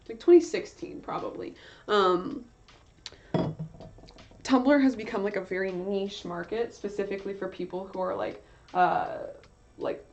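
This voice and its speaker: A woman's voice: mid-range voice, darkish tone. A young woman chatting casually on her art livestream, rambling with lots of fillers and correcting herself as she goes. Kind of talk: casual livestream chat while drawing. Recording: slightly dull lo-fi stream audio.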